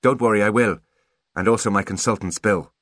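A man voicing a calm, self-assured teenage boy genius in an audiobook, dry in tone. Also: fairly low pitch, a little fast, no room sound, close to an everyday voice. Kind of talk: audiobook character voice.

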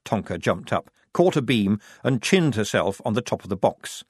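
A man reading an audiobook aloud with a wry, knowing touch. His pitch moves a lot, and the sound is close and dry, with no room tone. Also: sing-song, normal speed, slightly rough, dry recording. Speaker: narrator. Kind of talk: audiobook narration.

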